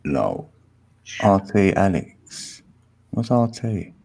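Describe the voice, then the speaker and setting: A man's voice: deep voice, sing-song, extremely slow, vocal fry, darkish tone, breathy edge. A man hosting a live stream panel in casual, slangy chat, laughing often.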